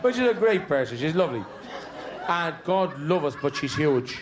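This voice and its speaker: A middle-aged man with a Dublin accent telling comic stories on stage in a chatty, deadpan way. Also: fairly high pitch, moderate pace, crowd noise, noisy background. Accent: Dublin Irish. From Dublin, Ireland. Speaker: stand-up comedian. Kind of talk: stand-up comedy storytelling.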